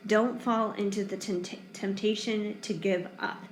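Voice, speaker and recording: With a steady, medium-pitched voice that runs a little slow, a weary woman yawns through a casual pick-a-card tarot reading late in the day. Her chatter is reassuring and packed with fillers; the echoey recording has faint ambience and a bit of hiss or hum.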